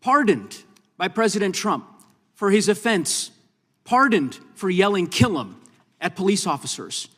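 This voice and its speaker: A man's voice: high voice, a bit bright. A congressman firmly questioning a witness at a hearing, pressing and talking over her interruptions. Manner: firm, pressing, reclaims time, talks over interruptions. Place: large hearing room. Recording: reverberant hearing room.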